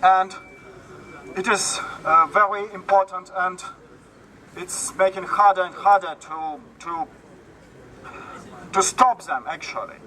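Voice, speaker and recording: Ukrainian man giving a halting rally speech. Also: sits high, steady tone, pushed and bright. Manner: halting, searching for words with many fillers. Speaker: rally speaker. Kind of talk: public speech at a street rally. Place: outdoors on a city street. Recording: far from the mic, street noise.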